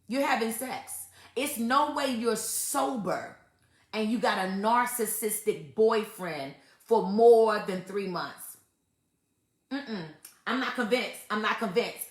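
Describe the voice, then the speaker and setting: A woman's voice: mid-range voice, fairly bright tone, roomy sound. A woman hosting a casual faith-based talk on relationships, emphatic and repetitive, often laughing as she makes her points. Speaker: host giving relationship advice.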